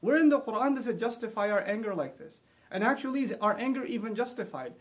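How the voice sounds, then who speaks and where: A man giving a short religious talk, rising into emphatic delivery on key points and murmuring honorifics quickly under his breath. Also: sits high, expressive. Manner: builds to emphatic, rising delivery when quoting scripture. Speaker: Islamic speaker.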